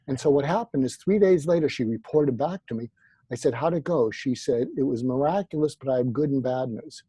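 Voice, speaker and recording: Animated man telling a story. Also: mid-range voice, fairly quick, husky, dry recording. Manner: animated anecdotal storyteller, acts out quotes. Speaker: psychiatrist guest. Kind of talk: storytelling interview answers.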